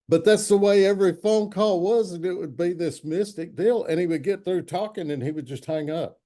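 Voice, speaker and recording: A man's voice: fairly high pitch, fairly quick, hardly any pauses, mellow. A man in his sixties, a longtime football writer, telling anecdotes in an interview and acting out quotes. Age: 60s. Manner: anecdotal, acts out quotes in other voices. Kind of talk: storytelling interview chat.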